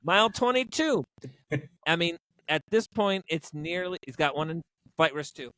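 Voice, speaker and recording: A man's voice: a little high, moderate pace, a bit bright, dry recording. A man co-hosting a podcast, chatting casually about movies in a rambling, jokey way with lots of fillers. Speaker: podcast co-host. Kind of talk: casual movie review chat.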